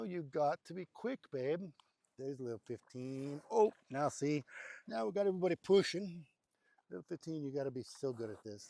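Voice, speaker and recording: A man casually narrating to camera at a farm cattle pen. He rambles and coaxes the animals in a soft voice. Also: mid-range voice, lively intonation, normal speed, creaky, slight background noise. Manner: rambling and chatty, coaxing the animals softly. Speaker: homestead vlogger. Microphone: handheld or nearby camera mic.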